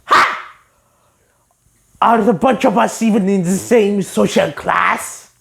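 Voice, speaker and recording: A woman's voice: mid-range voice, measured pace, creaky. A woman casually recapping a cartoon episode scene by scene in a chatty, giggly way.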